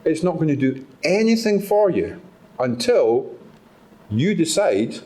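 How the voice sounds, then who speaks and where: A Scottish man speaks to a conference audience with a lively, rising and falling pitch. He talks in an engaging way and keeps the crowd involved. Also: unhurried. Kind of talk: live talk to an audience. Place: conference hall.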